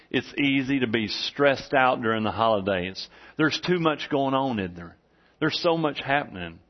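A man in his forties, a pastor giving a folksy, conversational sermon to a congregation in a church, with lots of "uh" fillers. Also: medium pitch. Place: church sanctuary before a congregation. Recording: dull, slightly muffled recording.

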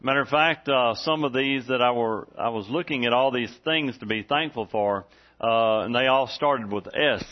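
A man's voice: mid-range voice, moderate pace. A man in his forties, a pastor giving a folksy, conversational sermon to a congregation in a church, with lots of "uh" fillers. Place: church sanctuary before a congregation. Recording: dull, slightly muffled recording.

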